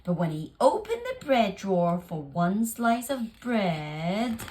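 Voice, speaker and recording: A woman reading a children's picture book aloud, very expressive and lingering on phrases. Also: medium pitch, slow pace, few pauses, a little hiss or hum. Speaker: storyteller.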